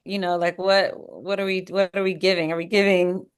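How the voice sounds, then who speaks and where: A woman's voice: on the low side, little pitch movement, normal speed, a crowd in the background. A woman singer guest in a casual interview, playful and giggly.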